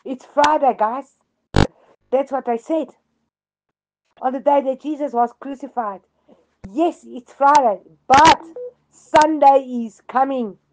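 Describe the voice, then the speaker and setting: A woman's voice: high-pitched, slow pace, pauses often, background noise. Earnest woman on devotional radio. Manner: earnest storytelling with emphatic repetition.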